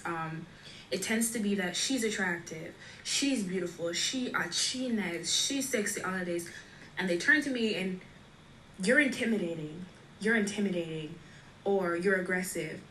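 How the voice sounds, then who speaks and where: A woman makeup creator speaking to camera in a measured, emphatic way. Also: fairly low pitch, a bit bright. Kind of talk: personal talk to camera. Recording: roomy with faint noise.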